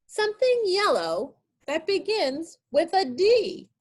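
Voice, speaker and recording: A woman with a high, bright-pitched voice that leaps up and down as she reads picture books to small children. She is a children's librarian at an online storytime, coaxing them with sing-song guessing questions. Her delivery is unhurried. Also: sing-song.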